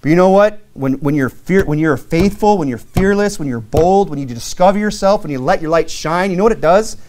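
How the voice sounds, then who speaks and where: A man's voice: expressive, a little fast, a little mellow. A man, a pastor, preaching a sermon in a plainspoken, earnest way with many conversational fillers. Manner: reads King James scripture aloud, rising in pitch on key verses.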